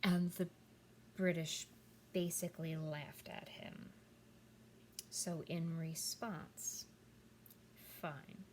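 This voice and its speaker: A woman teacher records a lesson for her students from her computer. She speaks emphatically, fills pauses with "um" and "uh", and keeps checking in with "okay?" and "right?". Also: on the low side, flat delivery, a little mellow, a little hiss or hum. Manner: emphatic, many fillers and "okay?" check-ins. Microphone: computer mic at a keyboard.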